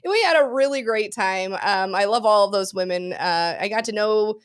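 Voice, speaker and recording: A woman's voice: medium pitch, normal speed, smooth. Giggly, swearing woman podcast host. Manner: giggly, swears freely, animated storytelling. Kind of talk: casual chat.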